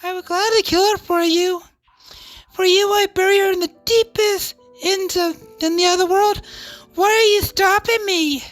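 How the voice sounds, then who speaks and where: Woman voicing a high, stammering, lovestruck girl who is dangerously obsessive, for a game dub. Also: fairly even intonation, normal speed, faint music behind. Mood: panicked. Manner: breathless, pleading, stammering. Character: obsessive lovestruck young woman wielding a machete.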